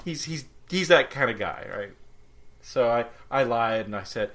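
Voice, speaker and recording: A man in his forties co-hosting a podcast, spinning anecdotes in casual chat. His voice has a bright, crisp edge, and he acts out quoted lines with big swings in pitch. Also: normal speed. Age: 40s. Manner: animated storyteller, acts out quotes. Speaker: podcast co-host.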